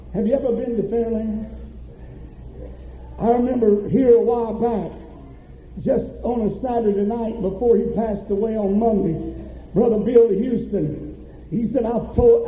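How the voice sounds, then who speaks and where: High-voiced preaching pastor, echoey tinny church. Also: male voice, slight background noise. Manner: preaching with rising fervor and drawn-out emphasis. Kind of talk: sermon. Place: church sanctuary.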